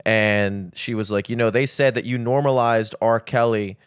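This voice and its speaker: A man's voice: on the low side, fairly even intonation, clean tone, no echo, studio quality. A young man co-hosting a podcast in casual chat, rambling and filling his talk with like. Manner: rapid and rambling, says like a lot. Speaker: podcast co-host.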